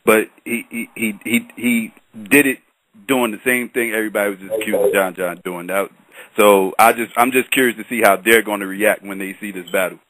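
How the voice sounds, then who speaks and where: A man giving measured opinions in a casual panel chat, often hedging with "in my opinion.". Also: on the low side, fairly even intonation, fairly bright tone, no echo, low-quality recording. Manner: measured, repeats "in my personal opinion". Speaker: battle rap commentator.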